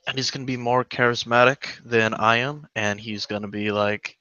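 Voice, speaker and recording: Bright-voiced man playing a tabletop game. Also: mid-range voice, steady tone, normal speed, hardly any pauses, clear, resonant tone, dry recording, lo-fi sound. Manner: casual, thinking aloud. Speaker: player. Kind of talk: casual tabletop play.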